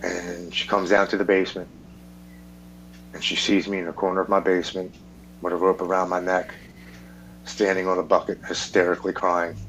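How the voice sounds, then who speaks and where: A man's voice: sits low, flat delivery, normal speed, gravelly, pauses often, fairly bright tone, a little hiss or hum, low-quality recording. A man on a podcast candidly telling his personal recovery story, acting out the people he quotes and swearing freely. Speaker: podcast guest.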